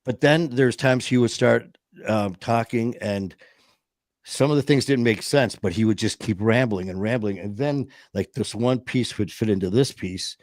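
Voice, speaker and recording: A man's voice: fairly low pitch, normal speed, darkish tone, dry recording, clean studio sound. A man in his fifties telling stories in a casual, rambling way, acting out quoted voices and often restarting his sentences. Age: 50s. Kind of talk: casual storytelling chat.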